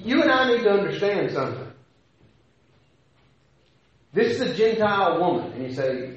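A man's voice: sits high, big pitch swings, moderate pace, pauses often. A man preaching a sermon, talking conversationally with rhetorical questions and frequent restarts. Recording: echoey hall, dull lo-fi sound.

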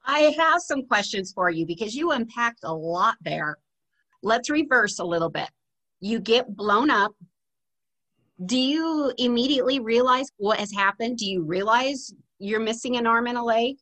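A woman's voice: on the high side, expressive, normal speed, bright, forceful tone. A woman interviewing a guest with direct, probing questions. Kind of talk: conversational interview.

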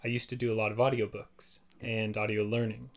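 A man who works as a voice actor, talking at length in a relaxed podcast chat, full of fillers like "like" and "you know". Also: fairly low pitch, brisk. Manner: chatty, explains at length with many fillers.

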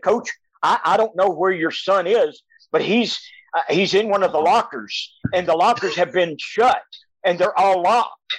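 Older retired coach; high, dry voice; rambling, stop-start storytelling over a video call. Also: male voice, fairly bright tone, no echo, poor audio. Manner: halting, repeats words, chuckles as he tells. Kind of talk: storytelling on a casual podcast.

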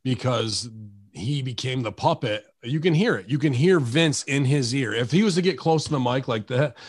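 A man's voice: mid-range voice, expressive, moderate pace, husky, no room sound. An American man ranting on a podcast, blunt and profane, breaking into mocking impressions. His voice sits in a middle register. The sound is dry and close, with no room around it. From United States. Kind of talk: casual chat.

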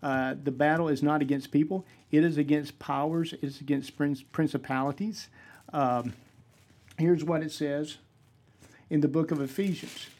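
A man's voice: fairly high pitch, fairly even intonation, normal speed, darkish tone. A man preaching a sermon-style talk, emphatic and repeating key phrases for force.

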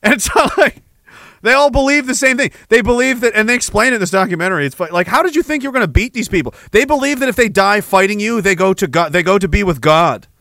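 A middle-aged man hosting a podcast, ranting with heavy profanity and jumping between war stories and shouted quotes. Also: high-pitched, animated, quick pace, gravelly, no echo. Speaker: podcast host. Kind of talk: ranting monologue.

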